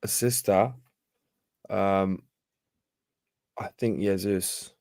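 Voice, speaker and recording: A man with a low voice, recorded close and dry, is a guest on a football podcast. He answers hesitantly, thinking aloud with frequent ums before giving his picks. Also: fairly even intonation, drawn-out words, a little mellow, no echo. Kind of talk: casual football podcast chat.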